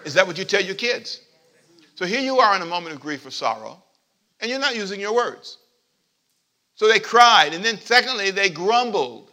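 A male pastor preaching a sermon in church, swinging from loud emphatic points to quiet asides and calling on the congregation to repeat after him. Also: high voice. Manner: lively preaching with call-and-response to the congregation.

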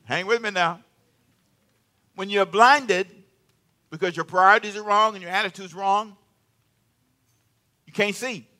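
A man preaching a sermon in church, telling stories with jokes and acting out the characters. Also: high-pitched. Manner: animated storytelling, acts out the king and Haman; jokes with the congregation and laughs. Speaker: pastor.

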